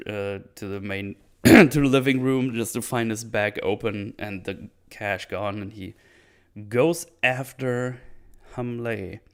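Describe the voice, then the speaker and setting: Smooth low-voiced man recapping a film. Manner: loose and rambling, swears, acts out quotes. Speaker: film reviewer. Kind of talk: casual movie recap.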